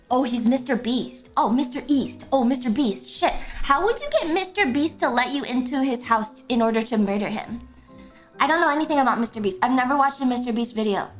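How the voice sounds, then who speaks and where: A young woman streaming a game, talking casually, excitable and swearing a lot. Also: high-pitched. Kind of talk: casual gameplay commentary.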